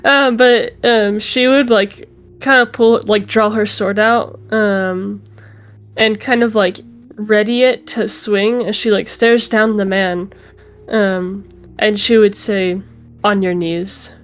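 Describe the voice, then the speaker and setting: A woman's voice: mid-range voice, fairly even intonation, slow pace, clean tone. A woman playing a tabletop game, talking hesitantly with lots of fillers. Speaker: player. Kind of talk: casual tabletop play.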